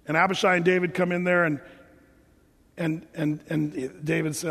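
A man preaching a sermon as an animated storyteller, acting out the scenes for his church. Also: on the high side, normal speed, vocal fry. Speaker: pastor. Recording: long hall reverb.

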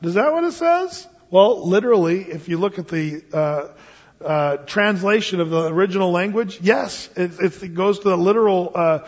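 A man teaching a Wednesday night Bible study as a pastor, telling stories with lively acted-out quotes. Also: high-pitched, moderate pace. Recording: dull lo-fi sound with long hall reverb.

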